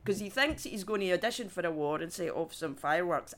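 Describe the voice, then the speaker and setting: A woman's voice: fairly low pitch, lively intonation, a little fast. A woman on a comedy podcast panel, ranting with incredulous exclamations.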